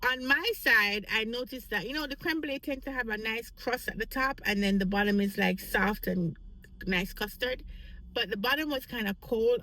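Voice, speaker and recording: A woman's voice: medium pitch, poor audio. A woman vlogger telling a casual work story, acting out the voices of the people in it. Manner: animated, acts out quoted voices.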